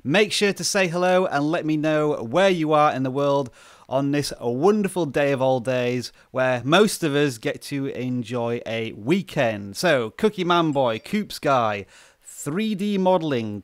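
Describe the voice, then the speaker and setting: A chatty man from the UK hosts a relaxed live stream, reading out viewers' names in a slightly high voice. He sits close to the microphone in a dry, dead room. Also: unhurried, clean tone, no room sound. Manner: chatty, greets viewers by name. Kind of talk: casual live stream chat. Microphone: close desk microphone.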